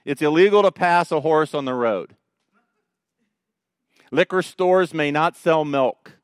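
A male pastor, preaching a sermon in an animated, joking way. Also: fairly high pitch, a little slow, clean tone, no room sound, clean studio sound. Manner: animated, joking storyteller who mocks the Pharisees.

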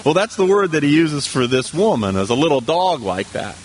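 A man's voice: on the high side, big pitch swings, a little fast, slight background noise. A man preaching a sermon in a conversational manner, with asides and rhetorical questions to the congregation. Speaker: pastor.

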